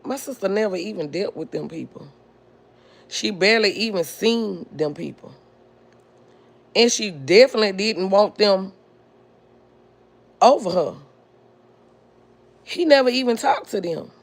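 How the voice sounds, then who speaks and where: A woman's voice: mid-range voice, expressive. A woman hosting a podcast, telling a personal family story in a blunt, indignant way. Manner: blunt, indignant, drawn-out delivery. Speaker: podcast host.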